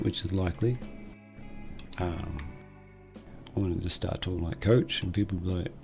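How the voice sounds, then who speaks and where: Gravelly Australian man rambling jokingly. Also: low-pitched, steady tone, normal speed, long pauses, soft background music. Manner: rambling, joking, self-mocking. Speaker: channel host. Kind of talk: casual comedic rant.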